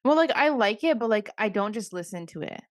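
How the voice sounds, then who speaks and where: A woman's voice: mid-range voice, animated, fairly quick, no echo, studio quality. A young woman in her twenties co-hosting a podcast, rambling casually with lots of "like". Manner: rambling, heavy use of "like". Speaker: podcast co-host. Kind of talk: casual chat.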